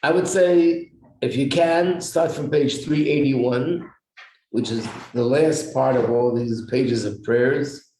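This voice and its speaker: A man's voice: medium pitch, takes it slowly, mellow. A man teaching an informal religious class, explaining customs and asking the class questions. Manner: explanatory, asks the class questions, clears throat often. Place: echoey room with a small class. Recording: roomy echo, faint noise.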